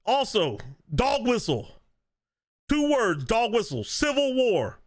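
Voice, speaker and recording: A man co-hosting a podcast in casual chat, ranting with animated energy and laughing often. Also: extremely high pitch. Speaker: podcast co-host. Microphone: video podcast mic.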